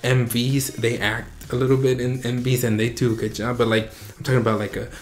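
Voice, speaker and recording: Young man, reaction host, excitable, gasps a lot, mid pitch, faint music behind. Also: brisk. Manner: excitable, gasping and emotional while watching. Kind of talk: casual reaction commentary.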